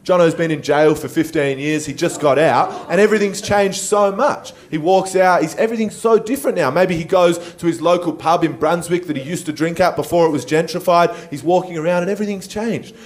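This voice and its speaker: A young adult man with an Australian accent doing stand-up on a comedy stage. His voice sits on the higher side, and he talks in a loose, conversational way with plenty of swearing. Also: fairly quick, few pauses.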